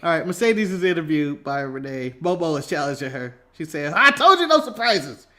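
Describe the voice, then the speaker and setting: A man's voice: a little high, big pitch swings, fairly quick, sharp tone. An American man co-hosting a casual wrestling recap, laughing often and talking with lots of energy as he goes through his notes. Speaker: podcast co-host.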